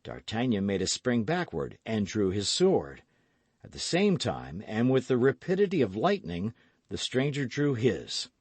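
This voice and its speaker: A male audiobook narrator telling a classic novel with dramatic expression, his pitch rising and falling freely. The recording is dry and close, with no room sound. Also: no room sound.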